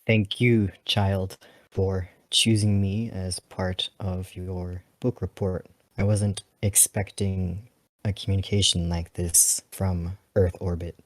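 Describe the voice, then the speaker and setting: A man's voice: deep voice, little pitch movement, no echo. A man playing a formal dolphin pilot. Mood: gentle, formal. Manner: measured and formal, calls others "child". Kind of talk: tabletop role-play voice acting.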